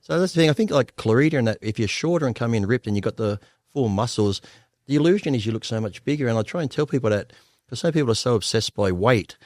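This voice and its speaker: A man's voice: medium pitch, animated, fast talker, darkish tone, no room sound, studio quality. An Australian man in his fifties telling candid stories as an interview guest, blunt and profane, often laughing. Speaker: guest bodybuilder.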